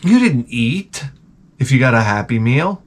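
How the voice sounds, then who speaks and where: Animated New man ranting. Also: medium pitch, measured pace. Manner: rambling, profane, animated ranting. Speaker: host. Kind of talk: comedic monologue.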